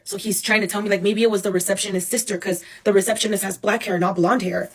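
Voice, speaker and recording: A woman in her thirties telling a personal story for a casual storytime vlog, animated and profane, acting out the people she quotes. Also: mid-range voice, quick pace, few pauses, slightly rough. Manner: animated, profane, dramatic retelling with acted-out quotes. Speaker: storyteller recounting her own life.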